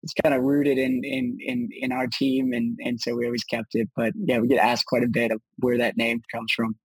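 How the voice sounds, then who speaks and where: A man's voice: mid-range voice, level tone, normal speed, husky, no echo, poor audio. A man, a startup founder being interviewed, answering in an upbeat casual way with many restarts and fillers.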